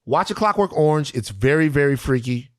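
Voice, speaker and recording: A man co-hosting a podcast in casual chat, animated and profane, ranting with energy. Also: a little high, brisk. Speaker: podcast co-host.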